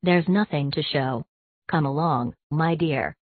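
A woman's voice: sits low, unhurried, no echo. A woman voicing a fond, sly working-class woman in mourning, with a coaxing, oily manner. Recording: tinny phone-like dry sound.

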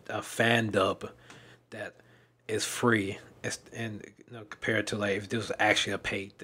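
A young man talking candidly in a personal vlog, weary and emotional, speaking haltingly with sighs and repeated restarts. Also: fairly low pitch, a bit bright, breathy edge. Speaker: fan dub director and content creator.

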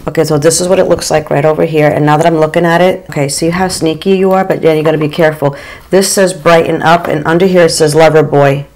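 Gushing low-voiced woman vlogger. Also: fast, rough recording. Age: 40s or 50s. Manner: chatty and gushing, frequent excited oohs. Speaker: beauty vlogger. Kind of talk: casual makeup get-ready-with-me chat.

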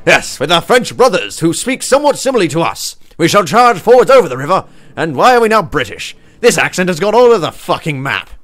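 A man voicing pompous male soldiers whose put-on accent keeps wandering, declaiming loudly in mock-heroic tones. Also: sits high, big pitch swings, quick pace, soft background music.

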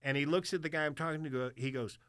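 A man tells wild stories with a bright, forceful voice, swearing freely and laughing as he goes. His voice sits a little high for a man, and the sound is close and dry. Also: quick pace, smooth, no room sound. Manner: animated, profane, laughs often. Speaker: guest musician telling stories. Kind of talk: casual storytelling chat.

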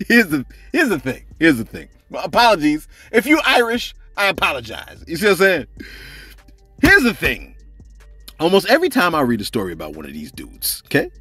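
Male gossip host, high and very animated, laughs a lot, chatty, dry close mic. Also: moderate pace, slightly rough, no room sound, soft background music. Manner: animated, laughing, repeats "you see what I'm saying". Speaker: celebrity gossip channel host. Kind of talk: casual gossip commentary.

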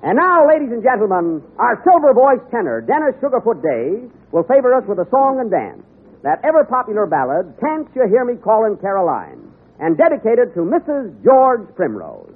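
A man's voice: sits high, wildly swooping pitch, normal speed. A man playing a mock-formal minstrel-show interlocutor on a 1940s radio comedy, an exasperated straight man. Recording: tinny, hissy 1940s radio broadcast.

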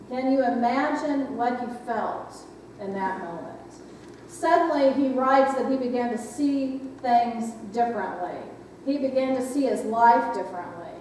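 A woman's voice: fairly high pitch, dark tone, a little hiss or hum. A woman pastor giving a reflective sermon, often asking the congregation questions. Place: church sanctuary. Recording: echoey church hall from far off.

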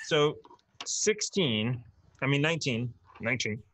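Guy dming a d&d session, mid-pitch voice, close dry mic, rattles off dice numbers. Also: expressive, fairly bright tone, no room sound. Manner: brisk, rattling off rolls and turns. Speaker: dungeon master. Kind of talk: running a tabletop game.

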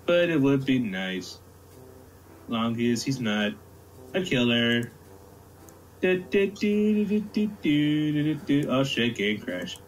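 A man's voice: medium pitch, lively intonation, slow pace, pauses often, slight background noise. A man chatting casually while playing a game with friends, swearing and joking crudely. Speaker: gamer. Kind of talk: casual gaming chat.

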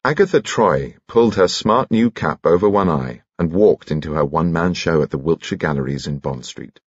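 Deep, husky male audiobook narrator. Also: expressive, moderate pace, no room sound, lo-fi sound. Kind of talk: scripted narration.

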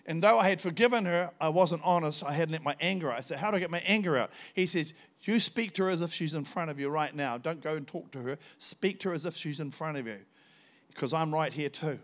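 An older man delivers a sermon as a visiting preacher. His voice sits a little high for a man, and he tells his story with animated back-and-forth dialogue. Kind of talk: sermon with personal testimony.

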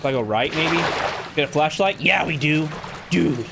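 Young male gamer host, excitable and jumpy, higher voice with a swooping range, loud game sound behind. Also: normal speed, gravelly, noisy background. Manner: excitable, jumpy, shouting when startled. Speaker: gaming video host. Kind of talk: let's play commentary.

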